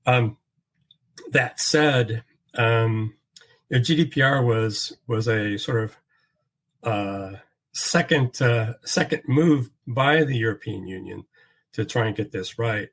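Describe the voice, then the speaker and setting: A man speaking as a standards expert in a panel discussion, measured, with frequent fillers and restarts. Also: mid-range voice, rough recording.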